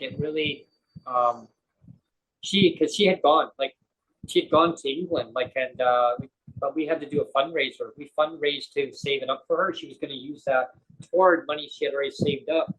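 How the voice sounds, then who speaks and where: Male guest, husky voice, rambling storyteller with lots of fillers. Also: a little high, fairly bright tone, poor audio. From Canada. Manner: rambling, full of fillers and acted-out quotes. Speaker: podcast guest. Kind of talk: casual storytelling chat.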